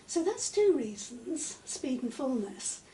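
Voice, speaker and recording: High-voiced woman, roomy distant recording. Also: sing-song, warm tone. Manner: measured, articulate, many "um" pauses. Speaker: interviewee, literature professor. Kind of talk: conversational interview. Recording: echoey room, mic at a distance, faint noise.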